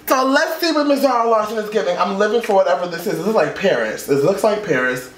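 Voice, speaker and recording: A man's voice: sits high, lively intonation, fast, a little hiss or hum. A man reacting to a music video in casual commentary, flamboyant and profane, gasping and close to tears. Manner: flamboyant, sassy and profane, with gasps and squeals. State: emotional, near tears. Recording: echoey room with music playing behind.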